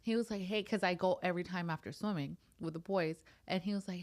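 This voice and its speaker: A young adult woman co-hosting a casual sister chat, blunt and animated, swearing as she tells stories. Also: lowish voice, normal speed, few pauses. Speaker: podcast co-host.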